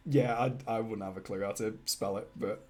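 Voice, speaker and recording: A man's voice: fairly low pitch, fairly even intonation, a little fast, a little mellow. A British man chatting casually with his livestream viewers while he animates, rambling and chuckling between thoughts. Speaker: animator streaming live.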